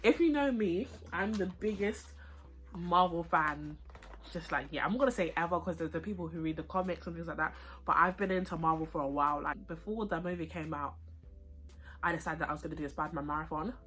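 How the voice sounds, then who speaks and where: This young British vlogger has a fairly low pitch and a brisk delivery. Eating as she goes, she reviews food and a film in an excitable, slangy, chatty mukbang.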